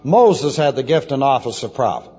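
Pastor in a muffled, echoing hall. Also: male voice, medium pitch, sing-song, normal speed, warm tone, husky. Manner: spells out Hebrew and Greek words letter by letter, dry asides. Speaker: pastor teaching. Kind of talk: expository Bible teaching. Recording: dull lo-fi tape in a reverberant hall.

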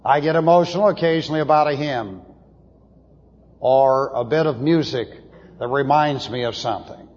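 A man preaching to a Bible class, blunt and opinionated, slowing down to press his points. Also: mid-range voice, a little mellow. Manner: blunt, opinionated, slows for emphasis. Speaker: pastor teaching a Bible class. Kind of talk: sermon lecture. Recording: dull lo-fi tape in a reverberant hall.

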